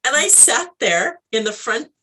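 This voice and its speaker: A woman, a guest in an interview, tells a personal story with animated acted-out dialogue. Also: on the high side, unhurried, slight background noise. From Canada. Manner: animated storyteller, acts out dialogue, laughs often.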